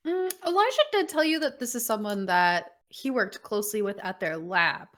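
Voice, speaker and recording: A woman narrating a tabletop game as game master, describing scenes in an unhurried way. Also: medium pitch, expressive, a bit bright.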